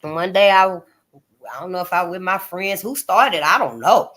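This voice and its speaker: A woman's voice: fairly low pitch, animated, normal speed, a bit bright. A woman hosting her own channel, talking straight to her listeners in a blunt, emphatic monologue, cussing freely and repeating points to drive them home. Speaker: channel host. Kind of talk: casual spoken commentary monologue.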